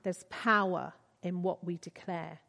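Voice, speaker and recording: A woman giving a devotional talk, reading a passage aloud in an earnest, measured way. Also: on the low side, steady tone, vocal fry, sharp tone. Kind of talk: sermon with read-aloud book passage. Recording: reverberant hall.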